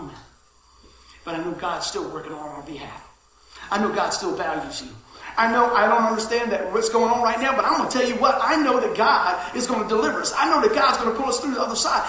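Lively high-voiced pastor in an echoey hall. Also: male voice. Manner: lively storytelling, swings from shouting to hushed asides. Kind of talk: sermon.

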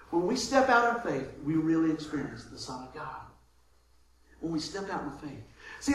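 A male pastor delivers a loose, conversational sermon, laughing through his stories and stumbling over repeated words. His voice sits high and bright. The sound bounces heavily around a reverberant church. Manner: animated storytelling, laughing often, repeats words. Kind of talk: casual sermon. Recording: very echoey church room.

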